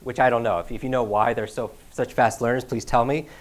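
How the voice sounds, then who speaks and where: A man giving an energetic motivational talk to a live audience as a learning coach, repeating key phrases and often asking "right?". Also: medium pitch, fairly quick. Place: event room with a live audience.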